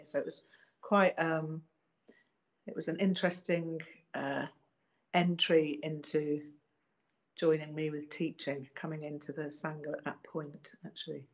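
Hesitant woman reminiscing, muffled audio. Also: low-pitched. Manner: hesitant, many ums and restarts. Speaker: interviewee. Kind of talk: casual reminiscing interview.

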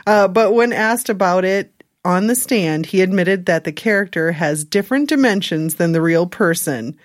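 A woman's voice: lowish voice, normal speed, dry recording, studio quality. A woman co-hosting a podcast, reading a news story with chatty asides and laughing at herself. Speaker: podcast co-host.

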